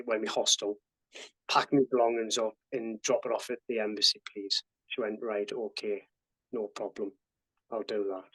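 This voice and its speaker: An army veteran appears as a podcast guest, his medium-pitched, slightly bright voice captured on poor audio. He recounts his story in plain, casual speech, curses freely, and acts out other people's lines in a raised voice.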